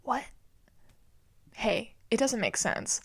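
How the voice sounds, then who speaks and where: Female podcast host, solo game rant, incredulous and exasperated, quick laughs, loose swearing. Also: a little high, big pitch swings, gravelly, breathy edge. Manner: casual swearing.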